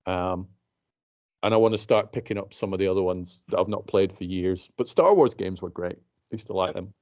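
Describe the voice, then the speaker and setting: A man's voice: sits low, normal speed, darkish tone, lo-fi sound. A man co-hosting a podcast over a video call, easygoing and agreeable, listing things with plenty of fillers. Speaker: podcast co-host. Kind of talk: casual chat.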